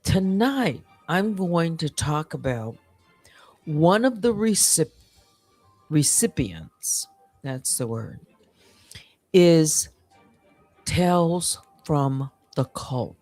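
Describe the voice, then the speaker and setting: A woman hosting a livestream, reading through emails and commenting in a deliberate, measured way with many pauses. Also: deep voice, sing-song, darkish tone, no room sound, faint music behind. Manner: deliberate, measured, pausing often. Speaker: livestream host.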